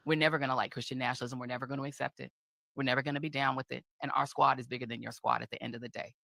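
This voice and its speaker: A woman's voice: rumbling low, fairly even intonation, rapid-fire, creaky, a bit bright, no room sound, clean studio sound. A woman on a talk show giving an impassioned monologue, fiery and rhetorical, hammering home repeated phrases and slipping into mocking voices.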